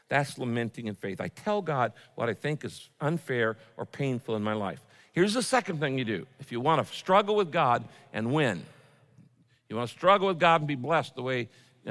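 A man preaching a sermon, moving from loud pleading prayers to quiet, intimate asides to his listeners. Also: mid-range voice, very animated, moderate pace, in a large hall. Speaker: pastor.

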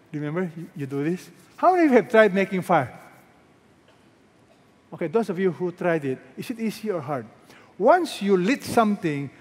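A man with a Filipino accent preaching a sermon as pastor, emphatic, repeating phrases and firing rhetorical questions at the congregation. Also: sits high. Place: large church hall. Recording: long reverb from a large hall.

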